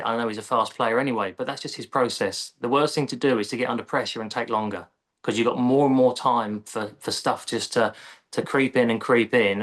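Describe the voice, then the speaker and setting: English male golf coach, mid-pitched, easygoing conversational delivery. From England. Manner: relaxed, explanatory, conversational. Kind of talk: casual podcast interview.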